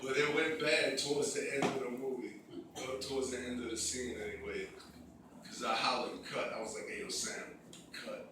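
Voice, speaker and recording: A man's voice: mid-range voice, steady tone, brisk, noisy background. Tipsy stand-up comic man, very echoey. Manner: loose, rambling, tipsy joking. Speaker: stand-up comedian. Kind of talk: stand-up comedy set. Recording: very echoey room heard from far.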